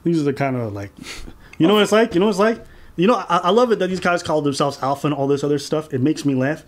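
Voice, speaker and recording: A man with a fairly high voice gives a casual reaction commentary. He talks bluntly and crudely and mocks the people he is reacting to, breaking into laughs often. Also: expressive, fast. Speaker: reaction channel host.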